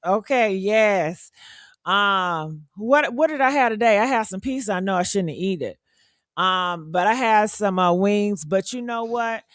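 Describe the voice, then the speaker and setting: A trans woman hosts a casual livestream, blunt and sassy, laying down her opinions with heavy emphasis. Her mid-pitched voice sits close and dry, with no room sound around it. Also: lively intonation, unhurried, no echo.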